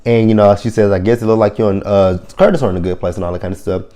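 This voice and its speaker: A man's voice: fairly low pitch, very fast. A man giving a casual review of a reality TV episode, blunt and profane, rambling and often correcting himself. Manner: blunt, profane and animated when annoyed; rambling with frequent self-corrections. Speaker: reality TV recap host.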